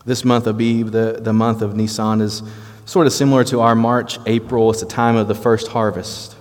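Southern US male preacher, low voice, conversational explainer; long hall reverb. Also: little pitch movement, moderate pace, a little mellow. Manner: conversational, explanatory, frequent restarts. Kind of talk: sermon-style Bible teaching.

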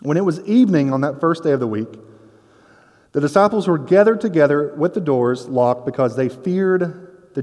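A man's voice: fairly high pitch, a little mellow. A man preaching a conversational sermon as a pastor, with casual joking asides. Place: church sanctuary. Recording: long hall reverb.

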